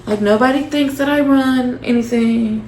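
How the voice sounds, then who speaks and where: A woman putting on the voice of a loud, defensive young woman who keeps insisting and talking over others. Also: a little high, moderate pace, reverberant, slight background noise, voice pushed up, lightly acted, poor audio. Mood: insistent.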